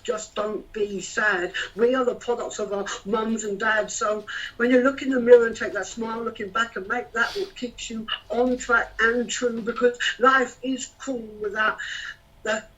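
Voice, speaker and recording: A man's voice: high-pitched, moderate pace, a bit bright. A man performing spoken word poetry in a rhythmic, rhyming, emotional delivery. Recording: distant, dull lo-fi sound.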